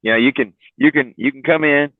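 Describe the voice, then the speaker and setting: Speaking at medium pitch and a fairly quick clip, a weary man runs a laid-back livestream, joking around and laughing as he rambles. The tinny, phone-quality audio carries no room sound.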